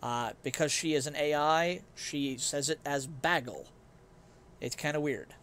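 This young male streamer has a fairly high voice with a clear, resonant, slightly bright tone, speaking at a moderate pace with fairly even intonation. He talks loosely with his chat while gaming, rambling, making fun of himself and laughing readily.

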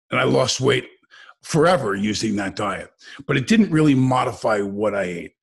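A man with a gravelly, husky voice, chatting as a guest and telling stories in a lively, joking way. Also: mid-range voice, moderate pace. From United States. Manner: storytelling, animated, jokey. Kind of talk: casual conversation.

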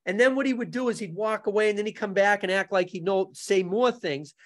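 A man as a podcast guest, telling animated stories in casual talk, laughing often and acting out other people's lines. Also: high voice, brisk. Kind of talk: casual storytelling.

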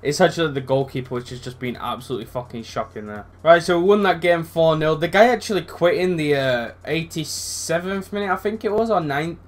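Excitable man commentating his gameplay. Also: on the high side, fairly quick, few pauses. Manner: excitable, swears freely, rambling, shouts at big moments. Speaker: gaming channel host.

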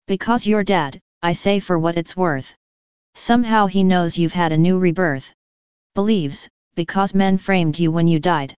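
A woman reading a gentle female angel's lines in rhyming verse, in an even storybook delivery. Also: fairly low pitch, unhurried, smooth, no echo, highs cut off, close to an everyday voice. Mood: consoling. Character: gentle female angel comforting her husband.

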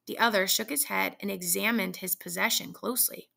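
A woman reading a classic story aloud in a plain, steady narration. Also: medium pitch, fairly quick, vocal fry, few pauses. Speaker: reader.

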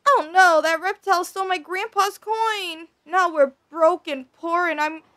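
A woman's voice: very high voice, unhurried, a bit bright, voice pushed up. A woman voicing a crybaby young male cloud creature, reading game lines in a whiny, overdramatic way. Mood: whiny sobbing. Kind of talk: reading game dialogue aloud in voices.

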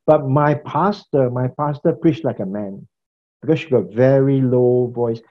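A man's voice: mid-range voice, a little slow. A man giving a conversational classroom lecture on preaching, repeating phrases and asking the class questions. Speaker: preaching instructor. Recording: slightly dull lo-fi recording.

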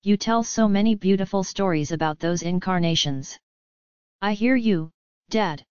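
A woman's mid-range, slightly mellow voice, clean and natural with no echo, voices a young princess who is bold but anxious as she presses her father with urgent questions in an audiobook. She keeps a moderate pace, and the audio sounds somewhat dull and lo-fi.

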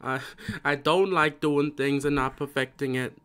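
Tired guy on a live game stream, slow and mumbly, just talking to himself while he plays. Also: on the high side, steady tone, a bit bright, smooth. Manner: rambling, muttering to himself while playing. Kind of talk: casual gameplay live stream chatter.

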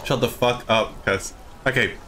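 A man with an Australian accent, live-streaming and excitedly arguing with his chat, swearing often. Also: mid-range voice, a little slow, slight background noise.

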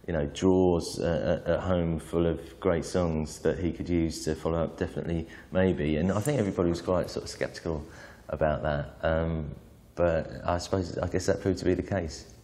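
Man, deep voice, warm dark tone, measured commentary, reverberant room. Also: fairly even intonation. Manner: measured, with hesitations. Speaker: interviewee. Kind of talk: reflective commentary.

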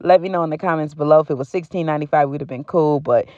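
A woman's voice: sits low, rapid-fire, warm tone, no echo. A woman vlogger from the United States, chatting casually and slangily straight to her viewers about deals and her life. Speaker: beauty and home-goods vlogger. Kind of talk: casual chat to camera. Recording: dry, slightly muffled sound.

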